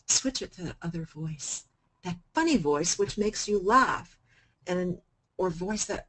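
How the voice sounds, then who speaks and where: A woman giving a coaching self-help talk to a group, switching between calm explanation and sudden loud, playful emphasis. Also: on the low side, a little slow, low-quality recording.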